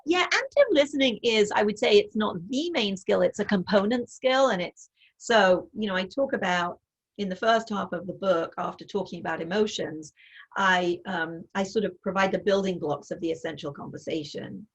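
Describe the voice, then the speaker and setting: Speaking at medium pitch and a moderate pace, her voice slightly rough, a woman guest who writes about parenting talks over a video call. She works through her ideas thoughtfully with examples and lots of fillers.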